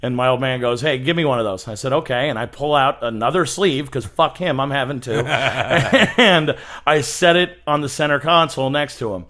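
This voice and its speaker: Bright-voiced man telling stories. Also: medium pitch, moderate pace. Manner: laid-back, heavy swearing, laughs through his stories. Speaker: podcast guest. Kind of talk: casual storytelling chat.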